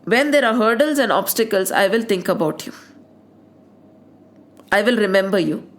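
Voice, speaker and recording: A woman's voice: mid-range voice, expressive, normal speed. A woman with an Indian accent explaining scripture as a spiritual teacher, mixing Hindi words into English and asking her listeners one rhetorical question after another.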